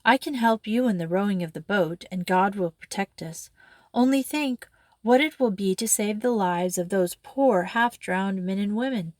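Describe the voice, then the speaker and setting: A woman's voice: medium pitch, normal speed, no echo, natural voice. Woman doing a brave young girl begging her dad, urgent, dry sound. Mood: pleading. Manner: urgent, pleading. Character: earnest pleading young woman, brave daughter.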